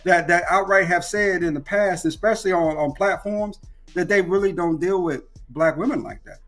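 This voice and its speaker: A man's voice: high-pitched, normal speed, fairly bright tone, soft background music. A man in a casual live-stream conversation, talking in a reflective, preachy way.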